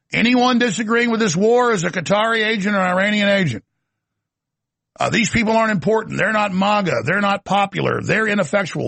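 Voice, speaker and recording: A man's voice: sits high, gravelly, a bit bright, no echo. A man hosting a political talk show, delivering an emphatic, ranting monologue with sardonic asides.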